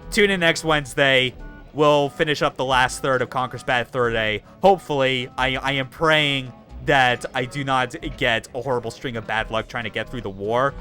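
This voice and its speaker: A man's voice: medium pitch, bright, forceful tone. A young man hosting a game stream, chatting casually, swearing freely and laughing often. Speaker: streamer host.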